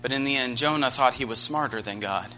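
An American man with a mid-range voice preaches a sermon, speaking a little fast over faint music. He tells a personal story earnestly, his energy rising until he grows animated and loud.

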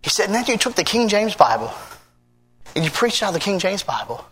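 American pastor telling a story. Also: male voice, high-pitched, fairly quick, slightly rough, faint music behind. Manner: energetic, shouting and laughing in an acted-out pancake run; quiet, confiding storytelling. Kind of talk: sermon. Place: church service with a congregation.

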